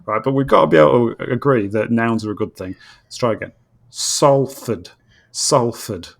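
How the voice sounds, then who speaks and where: Sweary man with a gravelly voice. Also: mid-range voice, quick pace. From England. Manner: sweary, blunt, teasing. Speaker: guest. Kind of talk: casual podcast chat. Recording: remote call audio.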